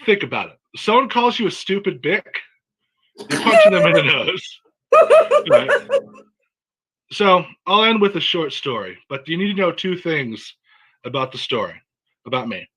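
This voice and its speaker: A man from San Diego doing a stand-up set, telling jokes and a story in a deadpan way. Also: high-pitched, normal speed, long pauses, slightly rough, rough recording. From San Diego, USA. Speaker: stand-up comic.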